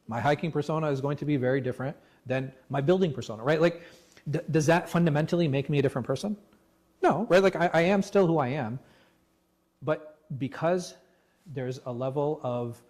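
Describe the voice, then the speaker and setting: Man, imam, religious class talk, animated, rhetorical questions, mid pitch. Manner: animated, asks rhetorical questions, restarts words. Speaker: imam leading a class discussion. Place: mosque class room.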